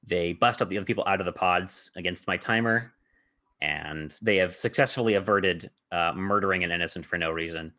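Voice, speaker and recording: Deep-voiced man recounting his game. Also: a little fast, bright, forceful tone. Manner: rambling, heavy on filler words, laughs often. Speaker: podcast host and game master. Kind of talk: casual chat recounting a tabletop game session.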